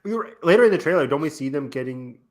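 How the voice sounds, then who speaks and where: A man co-hosting a casual pop-culture podcast, talking excitedly and laughing often. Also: a little high, quick pace. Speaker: podcast co-host. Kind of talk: casual chat reacting to a trailer. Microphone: remote call setup.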